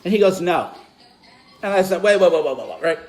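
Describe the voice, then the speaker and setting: A man casually recounting a story to his audience, acting out both sides of an argument with animated delivery. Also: high-pitched, fairly quick, soft background music. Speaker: host.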